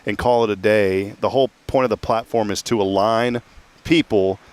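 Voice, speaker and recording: A man's voice: lowish voice, fairly even intonation, moderate pace, a little mellow, clean tone. A man hosting a local fundraiser show from an outdoor parking lot, chatting casually and joking. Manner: joking, chatty, self-mocking. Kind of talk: casual live chat.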